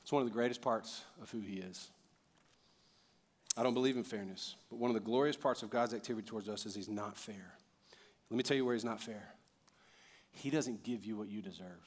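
A man preaching a sermon as pastor, animated and conversational, swinging from loud bursts to quiet emphasis and joking with the congregation. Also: fairly low pitch, a little fast, pauses often.

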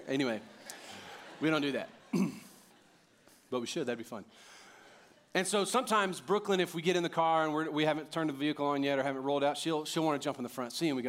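A pastor in his thirties preaching a sermon, animated and jokey, rising to loud emphatic peaks. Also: fairly high pitch.

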